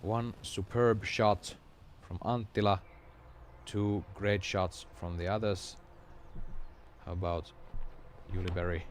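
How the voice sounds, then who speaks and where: A man doing live play-by-play commentary for a sports broadcast, calm and measured with sudden excited rises. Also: sits low, a little hiss or hum.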